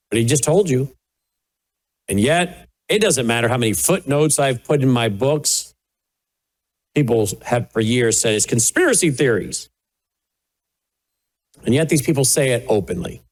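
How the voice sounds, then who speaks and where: A man's voice: medium pitch, animated, a little slow, pauses often. A man hosting a political commentary show, talking indignantly and with sarcasm over played clips. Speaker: host.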